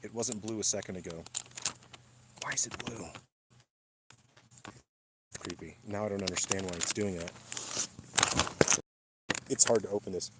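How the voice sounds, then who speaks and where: A man's voice: on the low side, unhurried, pauses often, heavy background noise. Breathless man streaming from a mountain camp. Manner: huffing and puffing from thin mountain air. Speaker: livestreamer. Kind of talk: casual livestream chat. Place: campsite outdoors in the mountains at night.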